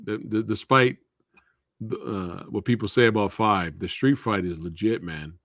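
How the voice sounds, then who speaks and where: A man's voice: lowish voice, normal speed, fairly bright tone, dry recording, studio quality. A man hosting a live Q&A stream, chatting casually and answering viewers by name.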